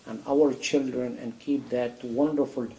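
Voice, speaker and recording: A man giving a sermon in a mosque, animated and full of rhetorical questions. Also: medium pitch, measured pace, a little hiss or hum, rough recording. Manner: animated, acts out a dialogue with God, rhetorical questions. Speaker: imam answering a question. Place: mosque hall.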